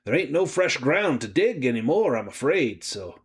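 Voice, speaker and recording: A man's voice: medium pitch, big pitch swings, moderate pace, breathy edge, voice pushed up. A man voicing an easygoing male graveyard keeper who rambles in a folksy, rustic way. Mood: rambling.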